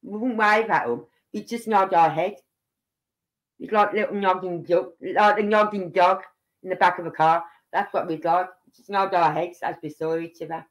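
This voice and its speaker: An older live-stream host chats casually and at length. The talk wanders from topic to topic and keeps turning back to the audience. The voice sits at an ordinary middle pitch. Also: steady tone, moderate pace, fairly bright tone. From Birmingham, England. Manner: rambling, chatty, talks straight to viewers. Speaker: livestream host.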